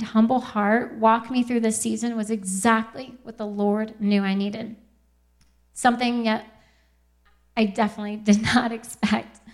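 A young woman giving a Christian testimony talk, earnest and quick to laugh, often quoting scripture. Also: on the high side.

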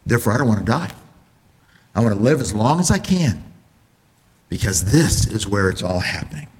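A man preaching a sermon, asking the congregation rhetorical questions and swinging between loud enthusiasm and low, earnest tones. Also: big pitch swings, moderate pace.

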